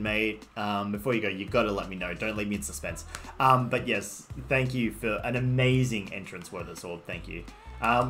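A man's voice: mid-range voice, a bit bright. A man with an Australian accent, casually streaming a game and rambling while he answers viewers' messages. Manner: rambling, greets and answers chat. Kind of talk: casual live-stream chat. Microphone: desktop microphone. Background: faint background music.

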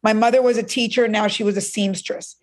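A middle-aged woman originally from Cuba relates a personal story during an interview, animated and playing out the dialogue of others. She has a mid-range voice and talks a little fast.

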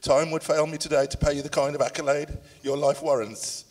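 A man's voice: on the high side, fairly even intonation, brisk, darkish tone. A man in his sixties reading a eulogy for his father, emotional and struggling to get through it. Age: 60s. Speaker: son giving a tribute. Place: church.

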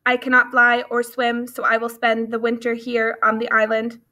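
A woman voicing a gentle female robot mother who speaks in an even, measured, formal way. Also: fairly high pitch. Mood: calm.

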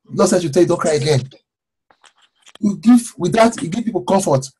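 A man, an apostle, leading fervent prayer and preaching a sermon, repeating phrases and rising to shouts. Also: high voice, lively intonation, brisk, husky. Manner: fervent, repetitive, shouting at times.

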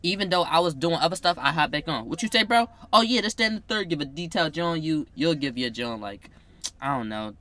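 A man's voice: fairly high pitch, expressive, fairly quick. A young man, teasing his girlfriend in a casual vlog chat. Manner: playful teasing, loud bursts. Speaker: vlogger.

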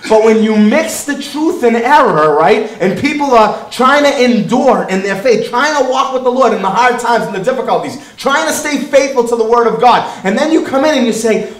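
Animated male pastor preaching in a roomy hall. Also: extremely high pitch, normal speed, far from the mic. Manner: animated preaching, mimics voices of others. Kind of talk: sermon.

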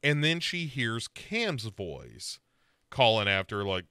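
A man's voice: lowish voice, slow pace, clear, resonant tone, no echo, studio quality. A man co-hosting a podcast, recapping a horror series in casual chat and acting out characters' lines. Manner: animated storyteller, acts out characters' lines. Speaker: podcast co-host.

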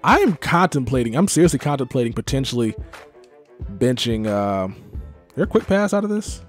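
A young gaming YouTuber from Texas commentating his own football video game match, sliding between low muttering and frustrated outbursts. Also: very animated, moderate pace, soft background music. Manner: swings from muttering to frustrated yelling. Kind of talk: live gameplay commentary.

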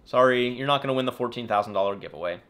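A man's voice: medium pitch, rapid-fire, a bit bright. A man hosting a casual live-stream Q&A as an aquarium YouTuber, chatty and rambling, often correcting himself and apologizing. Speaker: aquarium YouTuber answering viewer questions. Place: home in the California desert.

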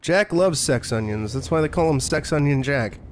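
A man's voice: on the high side, animated, normal speed, a little hiss or hum. Sarcastic, swearing streamer man. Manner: sarcastic, joking, profane. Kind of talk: profane let's play commentary.

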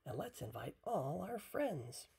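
A parent voicing an excitable, playful little duck in a bedtime storybook reading, with a high, chirpy voice. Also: unhurried, vocal fry, slightly rough, exaggerated voice.

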